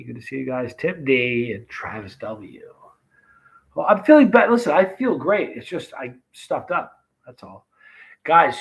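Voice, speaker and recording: A man's voice: mid-range voice, creaky, a bit bright, low-quality recording. A man with a stuffed-up, congested nose, hosting a casual livestream chat and greeting viewers by name with rambling asides. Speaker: livestream host.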